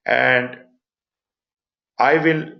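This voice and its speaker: Male instructor, Pakistani accent, explanatory online lecture voice, medium pitch, muffled web audio. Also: fairly even intonation, drawn-out words, vocal fry. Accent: Pakistani English. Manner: explanatory, stresses points with voice inflections. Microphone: computer mic for online class.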